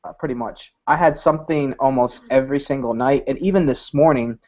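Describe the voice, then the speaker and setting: Reflective pastor, halting and hesitant. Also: male voice, medium pitch, darkish tone, lo-fi sound. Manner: reflective, halting, many fillers. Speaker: pastor and podcast co-host. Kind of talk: casual podcast chat.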